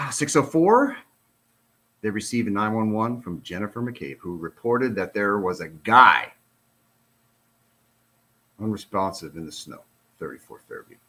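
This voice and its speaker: A man's voice: lowish voice, expressive, measured pace, long pauses, sharp tone. A middle-aged man, a retired police officer, gives casual commentary on a released document. He talks in an exasperated, sarcastic, rambling way.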